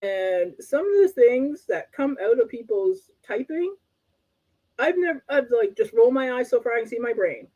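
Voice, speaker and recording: A woman from Canada co-hosting a relationship talk show, with a high voice that has a warm, mellow tone. She is wry and politely blunt, and laughs easily. Her audio sounds somewhat dull and lo-fi. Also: animated, moderate pace. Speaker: co-host and coach.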